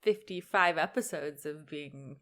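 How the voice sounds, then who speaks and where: Lower-voiced woman, dry and giggly. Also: unhurried, a bit bright. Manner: laughs often, dry teasing replies. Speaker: podcast co-host. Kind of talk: casual chat.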